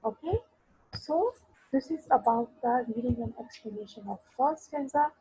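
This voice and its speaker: A woman teaching an English literature class online, explaining a poem slowly and mixing Urdu phrases into her English. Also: on the high side, dark tone, slightly rough, poor audio. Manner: explains slowly, mixes Urdu into English, asks students for replies.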